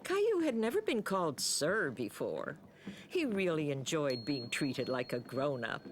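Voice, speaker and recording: A woman giving clear, scripted storybook narration for a preschool cartoon. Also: low-pitched, sing-song, unhurried.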